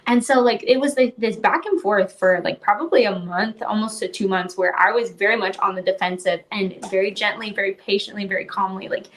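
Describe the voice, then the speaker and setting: A woman's voice: mid-range voice, a little fast, hardly any pauses. Chatty young woman telling her story. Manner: chatty, heavy use of "like", laughs often. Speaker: podcast guest. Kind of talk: casual interview storytelling.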